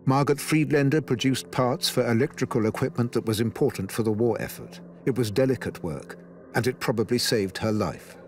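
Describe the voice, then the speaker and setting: A man's voice: medium pitch, a little fast, a little hiss or hum. Man narrating a documentary, evenly paced. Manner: even, informative. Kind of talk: scripted narration.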